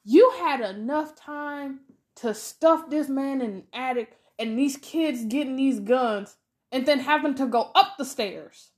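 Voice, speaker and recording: High-voiced woman ranting about a movie. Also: measured pace. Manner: animated, exasperated ranting. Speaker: podcast co-host. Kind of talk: casual movie review chat.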